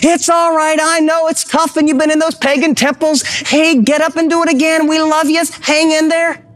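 A man playing an encouraging dad urging his son on, pitched high and pleading. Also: level tone, moderate pace, a bit bright. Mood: urgent encouragement. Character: encouraging father cheering on his fallen son.

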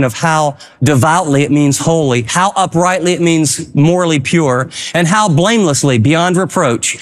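A man preaching a sermon, emphatic and full of rhetorical questions. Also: sits high. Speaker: pastor.

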